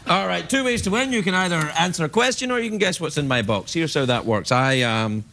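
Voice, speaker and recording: Animated, playful late-night host man. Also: fairly high pitch, brisk, gravelly, slight background noise. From Scotland. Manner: playful, jokey, animated delivery. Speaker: talk show host. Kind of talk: late-night chat show banter. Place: TV studio with audience.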